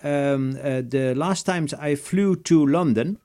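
A man co-hosting and telling a story in halting English full of fillers. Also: fairly high pitch, dark tone. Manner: halting, many fillers, non-native English phrasing. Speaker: co-host. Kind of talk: casual chat, storytelling.

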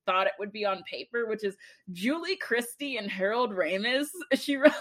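A woman's voice: medium pitch, animated, moderate pace. A woman co-hosting a podcast, chatting casually about a movie, laughing often and swearing freely. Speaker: podcast co-host.

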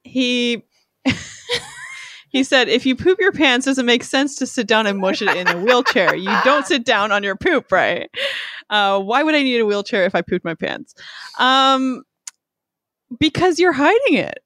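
A playful, giggly woman chatting on a sports podcast, her voice a bit higher than most. The sound is dry and close, with no room echo. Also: animated, a little slow, fairly bright tone. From Chicago area. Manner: giggly, playful, swears casually. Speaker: podcast co-host. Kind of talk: casual podcast chat.

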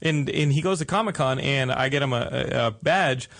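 A man's voice: medium pitch, a little fast, a bit bright. A man hosting a casual podcast chat, rambling with stammering restarts and frequent chuckles. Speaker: podcast host.

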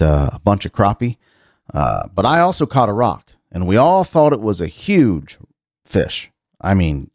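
A middle-aged talk show host runs a casual, radio-style chat show, rambling, musing aloud and often restarting as he reads news items. His voice is lowish and a little mellow, captured dry with studio quality.

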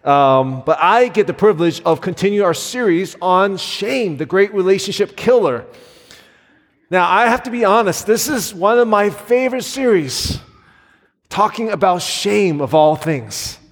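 A man's voice: sits high, expressive, measured pace. A man in his thirties preaching a sermon as a pastor, earnest and conversational, with frequent fillers. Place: church sanctuary. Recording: long hall reverb.

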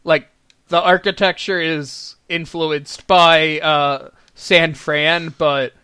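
High-voiced bright man, wry. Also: fairly even intonation, slow, smooth, dry recording, clean studio sound. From New Jersey. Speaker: podcast co-host. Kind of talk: casual podcast chat.

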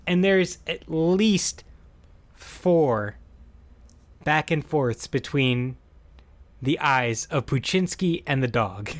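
A man's voice: a little high, animated, slow, long pauses. A man co-hosting a casual podcast, animatedly retelling a film's plot, acting out quoted lines and laughing often. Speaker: podcast co-host recapping a film. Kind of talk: casual chat.

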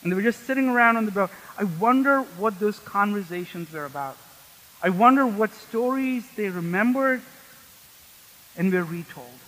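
High bright-voiced male pastor preaching. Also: expressive, moderate pace, long reverb tail, poor audio. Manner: conversational, questions the congregation. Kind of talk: sermon. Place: church.

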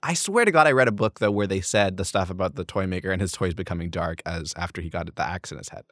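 A man's voice: sits low, quick pace, no echo, studio quality. A man co-hosting a fantasy world-building podcast, chatting in a playful, giggly, rambling way. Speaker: podcast co-host. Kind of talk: casual comedic chat.

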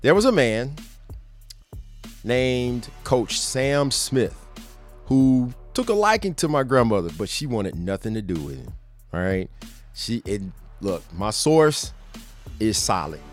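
A man's voice: takes it slowly, faint music behind. A middle-aged man hosting a podcast, telling a story in a casual way, laughing often and acting out the lines of the people in it. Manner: animated, acts out quotes with raised pitch. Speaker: podcast host.

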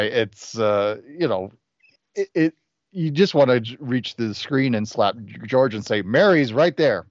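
Easygoing low-voiced man, dry lo-fi sound. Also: dry recording. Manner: easygoing, laughs often. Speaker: podcast guest. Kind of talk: casual film discussion. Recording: dry, dull lo-fi podcast audio.

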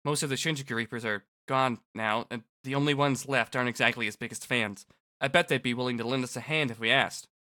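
A man reading a sharp-tongued young female fighter in a flat, plain way. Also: medium pitch, fast, dry recording, clean studio sound, close to an everyday voice. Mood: determined.

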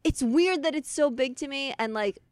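A woman co-hosting a casual podcast chat, talking in a relaxed, conversational way and laughing easily. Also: high-pitched, normal speed, no echo. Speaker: podcast co-host.

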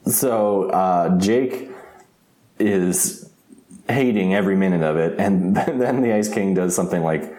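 A man with a very low, deep voice talks through an episode recap in a loose, rambling way, often laughing and restarting his sentences. The sound is roomy and echoey. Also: a little slow, dark tone. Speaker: podcast co-host. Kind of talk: casual episode recap chat.

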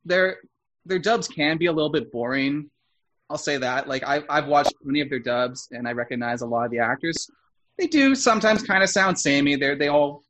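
A man's voice: a little high, a bit bright. A man co-hosting a casual podcast who steers the talk and often stammers as he restarts sentences. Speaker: podcast co-host.

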